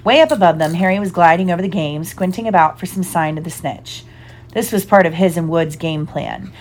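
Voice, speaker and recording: A woman giving a lively, expressive storybook narration. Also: on the low side, fairly quick. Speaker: audiobook reader.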